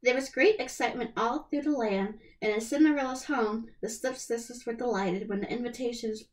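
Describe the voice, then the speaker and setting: A woman's voice: a little high, brisk. Nasal young woman reading a storybook. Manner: stumbles and corrects herself. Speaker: storybook reader.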